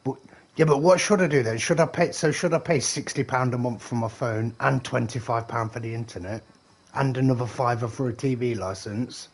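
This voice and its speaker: A man's voice: mid-range voice, a little fast. A British man chatting casually while gaming on a live stream, rambling, swearing and laughing often, a little tipsy. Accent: British English. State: slightly tipsy.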